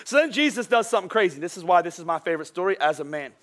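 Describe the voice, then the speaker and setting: A male pastor with a high-pitched voice preaches a sermon, his voice worn thin after a full day of speaking. He delivers it as lively, joking storytelling and turns soft and slow when the message turns serious. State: voice wearing out from a long day of preaching.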